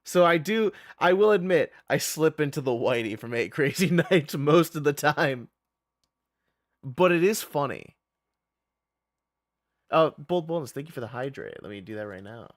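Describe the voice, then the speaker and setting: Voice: mid-range voice, lively intonation, moderate pace, pauses often, dry recording. Rambling, chatty game streamer. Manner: rambling, chatty, swears, laughs often. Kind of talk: casual gaming stream commentary.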